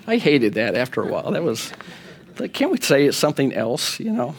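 A man's voice: medium pitch, sing-song, fairly quick. A man preaching a sermon in a conversational way, often asking the congregation rhetorical questions. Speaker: pastor.

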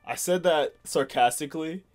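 A man's voice: fairly high pitch, moderate pace. Young guy from pittsburgh rambling on a podcast, lots of ums, faint music behind. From Pittsburgh area. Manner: rambling, many ums and restarts. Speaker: podcast co-host. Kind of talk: casual chat.

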